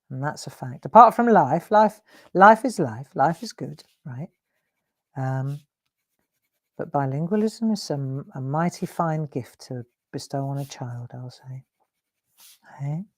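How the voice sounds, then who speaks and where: A woman's voice: low-pitched, darkish tone. A middle-aged woman hosting a live craft demonstration, talking viewers through her coloring in a chatty, coaxing way. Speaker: craft show host.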